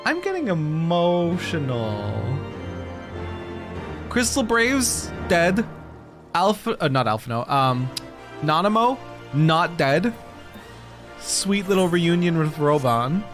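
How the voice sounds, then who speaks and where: Young guy streamer, jokey chatty, kinda high voice, faint music behind. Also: expressive, takes it slowly, pauses often, a bit bright. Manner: chatty, joking, reacts to chat. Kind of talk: casual game streaming commentary.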